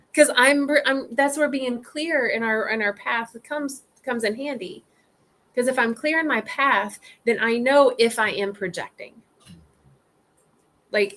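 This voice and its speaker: A woman leading a casual group discussion, animated, acting out inner voices and swearing freely. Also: on the high side. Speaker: group facilitator.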